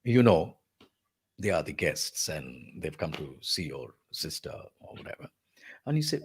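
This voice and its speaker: This voice artist, a guest in an interview, speaks in a husky, rumbling low voice with big swings in pitch and an unhurried pace. He explains voice technique like a teacher, acting out example lines as he goes.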